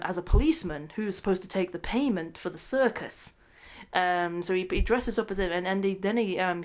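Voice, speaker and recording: Excitable rambling woman. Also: fairly low pitch. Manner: rambling, excitable, laughs often mid-sentence. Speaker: movie reviewer. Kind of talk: ranting movie recap.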